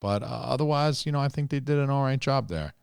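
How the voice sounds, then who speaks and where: A man's voice: mid-range voice, fast, gravelly, darkish tone, clean tone, no room sound, clean studio sound. A man co-hosting a podcast, rambling through a casual movie review and swearing freely. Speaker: podcast co-host.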